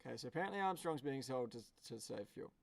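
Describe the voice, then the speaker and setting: A man commentating a car race live on a stream. He is excitable and swears, breaking into shouts at the screen. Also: mid-range voice, fast talker, gravelly.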